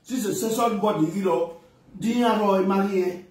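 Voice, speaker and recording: A man with an Edo-flavoured Nigerian Pidgin accent, an actor ranting emphatically and pleading, his voice rising to shouts. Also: high-pitched, moderate pace, heavy reverb, far from the mic, low-quality recording. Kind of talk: impassioned rant.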